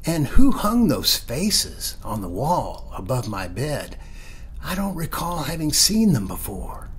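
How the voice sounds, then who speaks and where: A man's voice: on the high side, wildly swooping pitch, takes it slowly, slight background noise, pitched above the performer's own voice, exaggerated voice. A man voicing a confused elderly mother whose memory is fading, asking over and over in a pleading, bewildered way.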